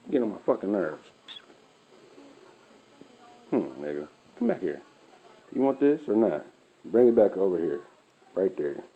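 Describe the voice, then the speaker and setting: A woman talking to her cat. She switches between squeaky baby talk and low, swearing grumbles, recorded at home on a phone. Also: narrow, tinny audio, slight background noise. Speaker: pet owner filming her cat. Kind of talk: casual talk to a pet.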